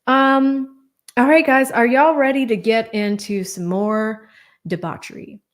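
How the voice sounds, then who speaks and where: A woman's voice: a little high, fairly even intonation, a little slow. A woman hosting a livestream, chatting casually, thanking donors and laughing often. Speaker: livestream host.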